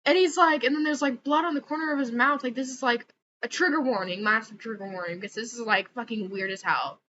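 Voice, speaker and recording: A young woman vents in a loose, rambling vlog, swearing freely and leaning on "like" between every thought. Her voice is bright and sharp, set a little high. The audio is slightly dull and lo-fi, with a faint hiss underneath. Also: fast talker. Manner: profane, exasperated, many fillers like "like". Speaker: vlogger. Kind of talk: casual ranting vlog.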